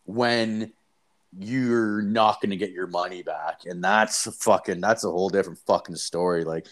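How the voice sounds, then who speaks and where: A man's voice: low voice, steady tone, normal speed. Young man, casual storytelling, heavy swearing, filler words. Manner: profane, rambling, lots of fillers.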